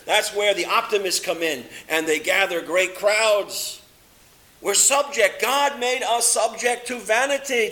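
Bright-voiced emphatic male preacher. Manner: emphatic, swings between loud high exclamations and low quiet statements. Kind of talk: sermon.

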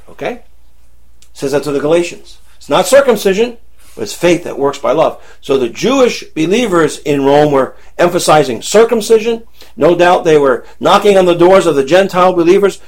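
A man with a somewhat high voice teaches from the Bible, moving verse by verse through the passage. He keeps pausing to check in with "right?" and "okay?", and he asks his listeners questions along the way.

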